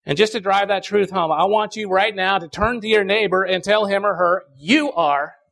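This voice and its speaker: A male pastor, preaching a sermon with emphatic repetition and dramatic pauses. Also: high-pitched, fairly even intonation, creaky, a bit bright.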